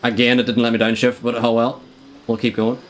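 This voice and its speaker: A man's voice: medium pitch, monotone, brisk, slight background noise. A young man streaming a racing game live, joking around and swearing in frustration as he talks to his chat.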